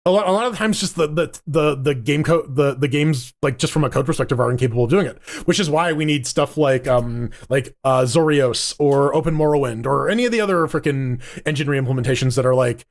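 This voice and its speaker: A man's voice: mid-range voice, brisk, few pauses. A man co-hosting a casual gaming podcast, rambling along with frequent restarts and casual swearing. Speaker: podcast co-host. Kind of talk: casual gaming news chat.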